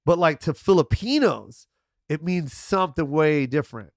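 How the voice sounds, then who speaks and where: An animated middle-aged man chatting on a podcast, acting out every voice in his stories. His voice sits a little high for a man. The sound is close and dry, with no room around it. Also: normal speed, no room sound. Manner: animated storyteller, acts out quotes, swears freely. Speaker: guest comedian. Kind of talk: casual podcast chat.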